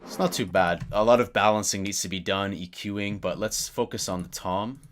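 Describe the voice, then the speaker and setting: At a moderate pace and with fairly even intonation, a lowish-voiced man thinks aloud through a casual screen-recorded tutorial on music production. He sits at his computer, filling pauses with fillers while typing and keyboard clicks are heard.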